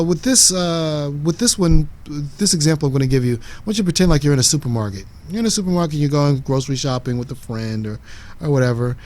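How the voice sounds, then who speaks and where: A man with a fairly high voice talks through a long explanation on his own show. He tells everyday scenes as stories and acts them out, sometimes calling out names loudly. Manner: animated storyteller, shouts names and acts out voices. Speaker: psychic talk show host. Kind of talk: explaining a lesson with acted-out examples.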